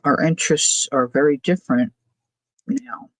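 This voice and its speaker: Talking at a moderate pace in a low voice, a woman chats casually on her crafting livestream, musing aloud and responding to viewer comments while she works. The recording has no echo but is low in quality.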